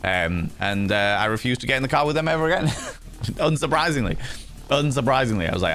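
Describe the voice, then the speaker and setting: A man's voice: mid-range voice, expressive, brisk, fairly bright tone. A British man hosting a livestream, telling stories animatedly, swearing freely and teasing his chat. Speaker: livestream host. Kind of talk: casual chat with viewers.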